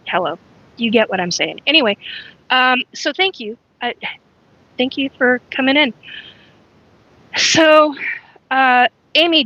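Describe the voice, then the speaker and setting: A woman hosts a casual live stream, talking in a rambling, frank way and stopping to greet viewers by name. Her voice sits a little high and sounds bright and sharp. The recording is dry and somewhat dull, with a lo-fi edge. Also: no echo. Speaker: livestream host.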